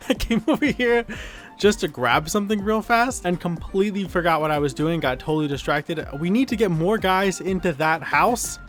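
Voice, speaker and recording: This gaming YouTuber's voice is fairly high and a bit bright. He meanders through casual commentary on a building game, correcting himself often and drifting off on tangents. Background music accompanies the clip.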